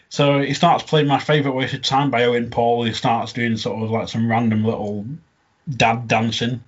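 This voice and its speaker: A man with a husky, slightly raspy voice talks in an easy, chatty way, breaking into laughs as he recaps scenes. His pitch sits in an ordinary middle range, and the recording sounds dull and lo-fi. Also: little pitch movement, normal speed. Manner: chatty, laughing often, quoting lines in funny voices. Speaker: podcast co-host reviewing a comedy episode. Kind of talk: casual recap chat.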